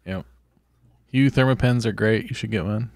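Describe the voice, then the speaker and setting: A man's voice: lowish voice, normal speed, creaky, darkish tone. A man co-hosting a casual livestream chat, dropping dry, wry short quips. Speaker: co-host.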